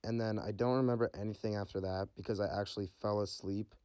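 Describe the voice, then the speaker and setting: Fast-talking flat-voiced young man. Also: fairly low pitch, clean tone, no room sound, studio quality. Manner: rambling, swears freely, lots of "like" and "you know". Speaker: storyteller. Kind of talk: casual storytime vlog.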